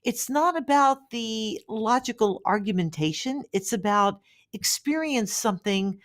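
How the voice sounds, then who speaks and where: A woman's voice: a little high, expressive, unhurried. A woman hosting a podcast interview, chatting casually and telling an anecdote with many fillers. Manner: conversational, many fillers and restarts, affirming. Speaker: podcast host.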